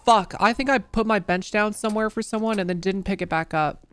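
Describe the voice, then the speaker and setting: A woman's voice: mid-range voice, a little fast, a bit bright. A woman streamer chatting casually while she plays, rambling and swearing with lots of fillers. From United States. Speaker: streamer playing a role-play game. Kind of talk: casual gaming chat.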